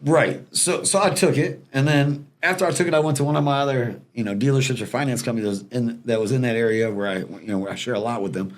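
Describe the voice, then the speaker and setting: Fast-talking man telling stories. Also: medium pitch. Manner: fast, animated storyteller acting out quoted people. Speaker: podcast guest, former repo man. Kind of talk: casual storytelling.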